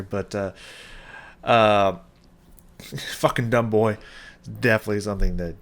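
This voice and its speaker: Excitable man reacting with lots of swearing. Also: fairly low pitch. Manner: excitable, swears often, laughs between thoughts. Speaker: reaction video host. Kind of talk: casual reaction commentary.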